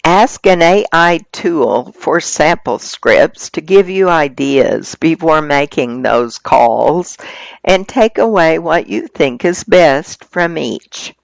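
A reader reading magazine articles aloud in a steady, measured way. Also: mid-range voice, gravelly, no room sound.

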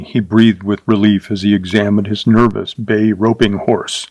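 A man narrating a short story in a steady, even storytelling voice, adding light character voices. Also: on the low side, normal speed, low-quality recording. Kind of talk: scripted audiobook narration.

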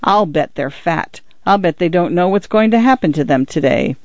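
A man's voice: high voice, animated, moderate pace, darkish tone, no echo, dull audio. A man voicing a polite, eager young farm boy in a storybook reading. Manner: polite, says sir.

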